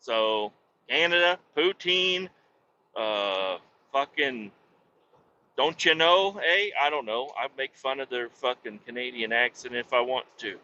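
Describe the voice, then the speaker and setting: A man's voice: mid-range voice, measured pace, sharp tone, a little hiss or hum. A man hosting a podcast alone in a loose, rambling, profane monologue, often cutting himself off mid-sentence. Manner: rambling, profane, self-interrupting. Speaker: podcast host. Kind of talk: casual solo podcast monologue. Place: home podcast setup in Missouri. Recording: dull lo-fi recording.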